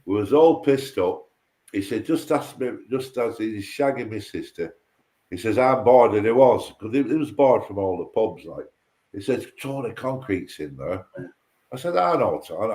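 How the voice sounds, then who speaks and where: A man's voice: fairly low pitch, big pitch swings, moderate pace, mellow. Rambling sweary man. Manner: rambling, heavy swearing, acts out quoted voices. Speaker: guest. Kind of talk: casual storytelling chat.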